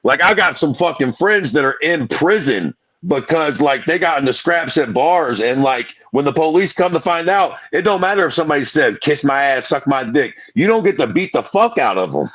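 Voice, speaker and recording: A man co-hosting a podcast, ranting in animated, profane, slang-heavy casual chat. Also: fairly high pitch, normal speed, hardly any pauses, slightly rough, no echo, lo-fi sound. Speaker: podcast co-host.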